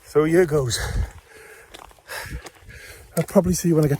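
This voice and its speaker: A man's voice: a little high, moderate pace, warm tone, slight background noise. A man, chatting casually into a handheld phone outdoors on a hillside, rambling and self-deprecating. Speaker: amateur radio vlogger. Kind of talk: casual hiking vlog narration.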